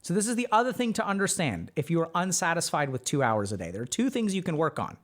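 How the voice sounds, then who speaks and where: Animated, rhetorical man streaming advice. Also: a little high, fast. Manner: animated, asks rhetorical questions, often says "right?". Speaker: streamer and mental health coach. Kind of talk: livestream advice talk.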